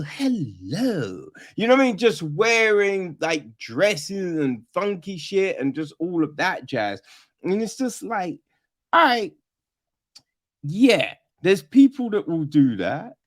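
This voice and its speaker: A man hosting a podcast, reviewing a film in casual chat, animated and profane, always asking "right?" and mimicking characters. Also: sits high. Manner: peppers talk with "right?" and "you know what I mean?". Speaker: podcast host.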